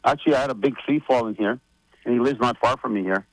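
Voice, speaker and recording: Gravelly, halting man on the radio. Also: medium pitch, no echo, low-quality recording. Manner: rambling, halting with many fillers and restarts. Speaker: federation leader giving updates on radio. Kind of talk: casual radio chat.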